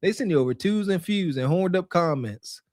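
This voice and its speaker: Animated high-voiced man, mocking commentary. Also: normal speed, no room sound, clean studio sound. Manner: animated, acts out mocking quotes in character. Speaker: podcast co-host.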